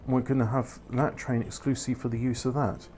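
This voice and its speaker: A man's voice: medium pitch, flat delivery, fairly quick, darkish tone, a little hiss or hum. A man giving casual, rambling commentary while playing a factory-building game, correcting himself and making wry asides. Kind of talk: casual let's-play commentary.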